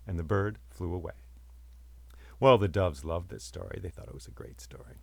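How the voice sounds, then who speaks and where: A man's voice: low voice, animated, moderate pace, gravelly, slightly rough, no echo. A man telling a myth aloud as a storyteller, with rhythmic, repeating phrases. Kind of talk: oral storytelling of myths.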